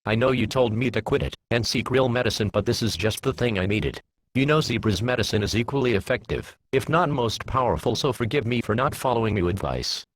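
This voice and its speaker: A man voicing Twilight Sparkle, an earnest young female unicorn scholar, in a fan fiction reading, in a husky voice. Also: medium pitch, a little fast, slight background noise, lightly acted. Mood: weary.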